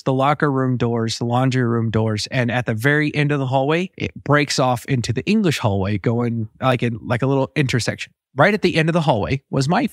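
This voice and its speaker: A man hosting a podcast, telling a story in a casual, profane, animated way and acting out the voices of the people in it. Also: medium pitch, no echo, studio quality. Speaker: podcast host.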